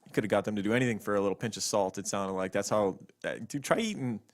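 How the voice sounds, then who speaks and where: A man's voice: fairly low pitch, fast. A man co-hosting a casual podcast, joking and brash, swearing freely. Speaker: podcast co-host.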